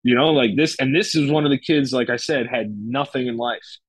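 A man's voice: mid-range voice, brisk, husky, no echo, poor audio. Young man telling a loose story. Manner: loose, profane, lots of fillers and restarts. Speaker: guest. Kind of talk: casual storytelling.

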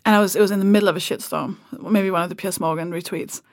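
A woman's voice: lowish voice, fast, no room sound, studio quality. A woman comedian guesting on a podcast, chatting casually and acting out the people in her stories. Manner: animated storytelling, acts out quoted people. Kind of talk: casual chat.

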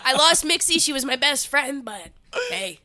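A woman's voice: high voice, animated, normal speed, crowd noise. A woman improv comedian, a podcast guest, chatting in a bubbly, jokey way and laughing easily. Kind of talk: casual comedic chat.

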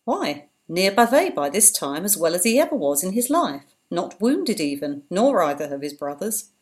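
An earnest male army officer, as a woman reader puts him on, pressing his reassurance with urgent emphasis. His voice sits low and steady in this audiobook-style reading. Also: normal speed. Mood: reassuring.

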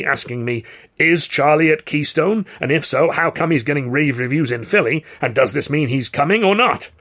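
Growly burly theatre boss, a guy reading it out, husky voice, barks and grumbles, audiobook. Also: mid-range voice, a bit bright, voice pushed up. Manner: growling, barking. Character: burly gruff male American theatre boss.

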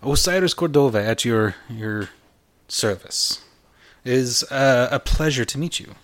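A man's voice: medium pitch, expressive, lightly acted. A man voicing a middle-aged, Spanish-looking male party host who speaks formally with an Arabic accent, over guitar music. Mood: courtly. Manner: formal, gracious, slow and measured.

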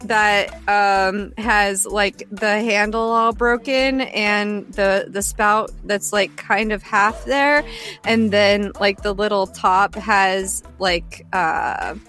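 A woman's voice: mid-range voice, fairly even intonation, slow pace, a bit bright, soft background music. A woman playing a tabletop game, hesitant and giggly, with many fillers. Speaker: player. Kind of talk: tabletop roleplay chat.

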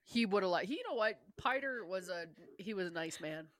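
A woman's voice: mid-range voice, animated, dry recording. Joking woman co-host, dry sound. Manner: joking, laughs often, quick asides. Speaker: podcast co-host. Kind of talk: casual chat.

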